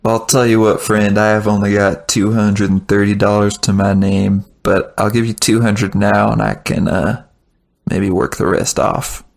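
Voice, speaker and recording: A low, gravelly Southern drawl belongs to a cowboy who hustles at chess but swears he never cheats, as a man puts him on. He is slow and deliberate, easygoing, and a bit of a pushover in a tabletop game. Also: level tone. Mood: earnest. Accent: put-on Southern US. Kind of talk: tabletop role-play.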